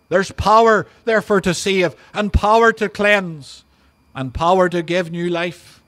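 A male pastor, preaching an earnest sermon and slowing down to stress each scripture quote. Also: high-pitched, a bit bright. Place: outdoor drive-in church service.

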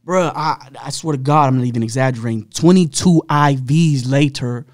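Blunt guy telling his story on a podcast, lots of slang and cussing, mid-pitched voice, dry sound. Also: normal speed, no echo. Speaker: podcast guest. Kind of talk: candid personal storytelling.

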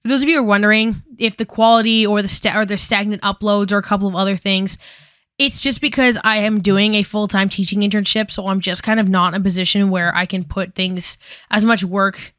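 A young woman gives a casual video essay in a bright, smooth voice with a sarcastic edge. She talks loosely and irreverently. The recording is close and dry, with no room sound. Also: mid-range voice, no room sound. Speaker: YouTube commentator.

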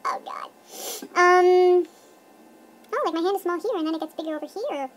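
Squeaky chipmunk-filtered young woman vlogging. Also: moderate pace, a little hiss or hum. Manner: giddy, goofy, self-mocking rambling. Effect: chipmunk pitch-up voice filter. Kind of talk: casual rambling vlog. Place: her bedroom.

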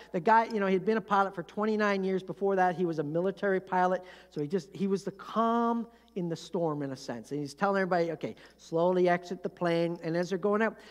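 A pastor delivers a conversational sermon, telling a story and often stopping to ask the listeners questions. The voice sits at an ordinary middle pitch. A long hall reverb hangs on each phrase in the church sanctuary.

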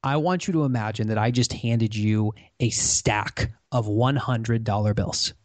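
Animated male guest telling stories. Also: on the low side, a little slow, no echo. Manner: animated storyteller. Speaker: podcast guest, fellow podcaster. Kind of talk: storytelling in an interview.

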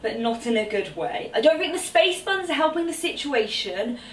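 A bubbly, chatty woman, her voice pitched a little high as she exclaims over clothes in a try-on haul. She sits back from the camera in a room at home, so she sounds roomy and a touch distant. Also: sing-song, normal speed. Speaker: fashion vlogger.

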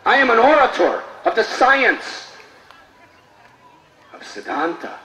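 A man voicing a proud male orator who shouts indignantly and scornfully, much higher and louder than his own voice. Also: big pitch swings, normal speed, heavily acted. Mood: outraged. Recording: roomy space with faint noise.

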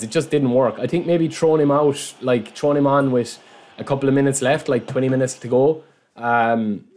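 A man commentating casually on his own football video game match, chatting to viewers and yelping at big moments. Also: mid-range voice. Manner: excitable, yelps and shouts at goals, chatty asides to viewers. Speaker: gameplay commentator. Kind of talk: casual let's-play commentary.

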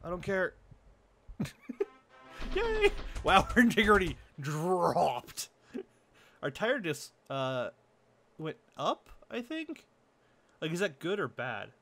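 An excitable young man talks his way through a game, swearing and laughing as he goes. His voice sits a little high and swings widely in pitch. Game music plays clearly behind him. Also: slow pace, long pauses. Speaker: gaming video host. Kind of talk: let's play commentary.

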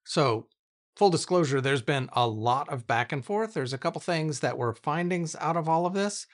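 A man recording a casual screen commentary as a tech YouTuber, enthusiastic and thinking aloud as he tests software. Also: on the high side, expressive, moderate pace. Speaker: tech YouTuber testing AI coding tools.

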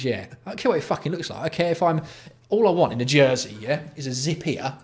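A man's voice: medium pitch, fast. A young man hosting a livestream, reading product copy aloud and mocking it with sweary, exasperated commentary. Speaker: livestream host.

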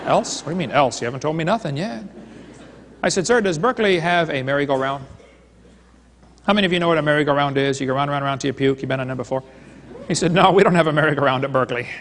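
A man's voice: fairly high pitch, fairly quick, pauses often, fairly bright tone, slight background noise. A man giving a live seminar lecture, telling stories and jokes and acting out his dialogues. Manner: joking storyteller, retelling dialogues. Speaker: creationist seminar speaker. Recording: long hall reverb.

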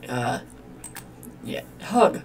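A woman's voice: extremely slow, a little mellow, far from the mic, slight background noise. A woman hosting a let's-play, commenting on a life-sim game in a profane, exclamatory way as she talks at the characters. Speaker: gaming channel host.

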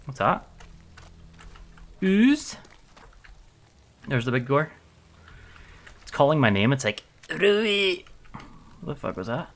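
Male game streamer, jumpy reactions, swearing, animated pitch, slow deliberate pace. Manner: jumpy, exclaiming, swearing, talking to chat. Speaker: streamer playing a survival game. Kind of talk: live game commentary.

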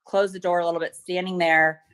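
Middle aged woman, lowish voice, testifying on a video call, lots of ums. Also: flat delivery, heavy background noise. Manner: hesitant, many pauses and ums. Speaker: witness testifying at a protective order hearing. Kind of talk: courtroom testimony, retelling events.

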